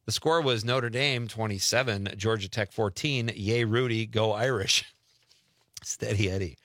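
A man's voice: fairly low pitch, measured pace, fairly bright tone, no room sound, studio quality. A middle-aged man from Wisconsin hosting a call-in radio show, chatting casually and laughing often as he reads out listener messages.

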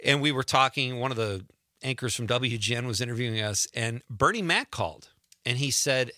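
A man's voice: mid-range voice, fairly quick, sharp tone, no echo, clean studio sound. A man hosting a talk show, reading an ad and chatting with a guest in an upbeat, anecdotal way. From Chicago. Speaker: radio show host. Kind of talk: casual interview.

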